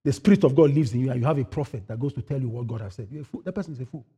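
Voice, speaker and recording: A man preaching a sermon as pastor, asking the congregation questions and answering them himself, swinging from loud, high-pitched preaching to quiet asides. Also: rapid-fire, hardly any pauses, husky.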